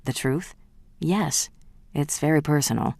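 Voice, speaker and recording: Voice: mid-range voice, unhurried, creaky, a little mellow, dry recording. Brief: reader doing a charming, teasing rich heir for a storybook read, dry sound. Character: charming, smooth-talking Greek heir.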